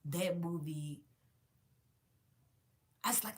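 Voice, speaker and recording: A woman's voice: fairly low pitch, a little fast, fairly bright tone. A woman vlogging to her viewers in a casual, emphatic and profane rant, calling them y'all.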